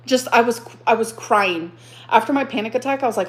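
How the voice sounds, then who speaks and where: A woman with a fairly high voice pours out an emotional live stream rant. She keeps circling back over the same phrases, swearing as she goes, agitated and worked up. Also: fast talker. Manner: agitated, repeats herself, swears.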